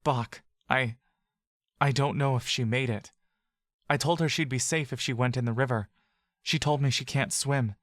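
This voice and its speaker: Hoarse scared young elf guy in a fantasy audio story, read by a man, dry close sound. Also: mid-range voice, fairly even intonation, normal speed, long pauses, a bit bright, no room sound, close to an everyday voice. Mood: grieving. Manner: urgent, voice breaking. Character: frightened young male elf shapeshifter.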